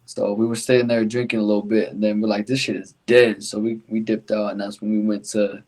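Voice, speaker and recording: A man's voice: fairly low pitch, level tone, fairly quick, a little mellow. Laid-back slangy man. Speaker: podcast host. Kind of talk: casual chat.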